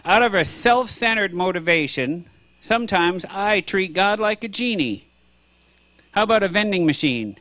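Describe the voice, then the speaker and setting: A man's voice: sits high, lively intonation, moderate pace, fairly bright tone, no room sound. A man preaching a sermon to a congregation, earnest and conversational, with frequent restarts. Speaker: pastor.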